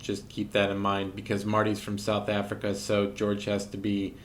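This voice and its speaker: A man's voice: on the low side, monotone, normal speed, a little hiss or hum. A man narrating commentary over prank call recordings with dry, mocking asides.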